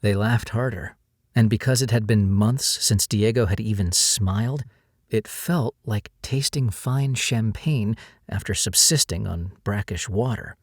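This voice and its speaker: A man narrating a novel as an audiobook in a steady storytelling read. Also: lowish voice, measured pace, no room sound, studio quality. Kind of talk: scripted narration.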